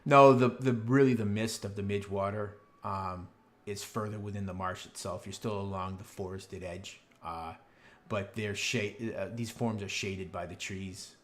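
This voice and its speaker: A man narrates a tabletop game as game master, with a lowish voice. He rambles and fills his pauses with many ums and uhs. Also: fairly even intonation, a bit bright, slight background noise.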